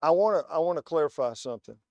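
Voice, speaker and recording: A man's voice: fairly high pitch, animated, rapid-fire, darkish tone, no room sound. A man preaching a sermon in a church, telling stories with emphatic, word-by-word stress. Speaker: guest preacher.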